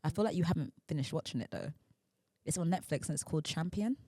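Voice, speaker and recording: A woman's voice: low voice, fast talker, dark tone, husky, no room sound, studio quality. A woman co-hosting a podcast in casual chat, arguing her point earnestly and firmly. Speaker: podcast co-host.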